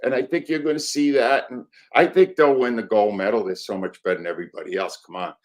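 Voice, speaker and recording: A man's voice: medium pitch, steady tone, fast talker. An older man, a sports writer guest on a talk show, delivering firm contrarian opinions in short declarative sentences.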